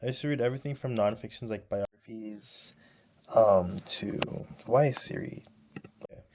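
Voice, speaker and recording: A man's voice: fairly low pitch, normal speed, noisy background. A young man with a sore throat chatting casually while he paints, rambling and nostalgic, with many fillers. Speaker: vlogger.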